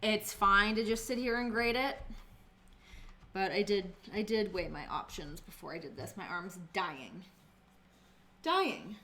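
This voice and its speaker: A woman talks casually to her viewers as she cooks in her home kitchen. Her voice is bright and crisp, and she chats easily, answering questions from chat and swearing without a second thought. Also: medium pitch, unhurried, long pauses, a little hiss or hum. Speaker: streamer. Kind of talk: casual chat while cooking.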